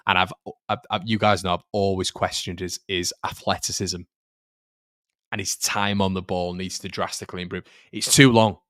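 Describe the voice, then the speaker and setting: A man hosts a football fan live stream in a loose, conversational way, often repeating himself and answering viewers' comments as they come in. His voice sits low. It is recorded close and dry, with no room sound. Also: level tone, normal speed, a bit bright, dry recording. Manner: chatty, repeats phrases, reads viewer comments. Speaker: fan channel host.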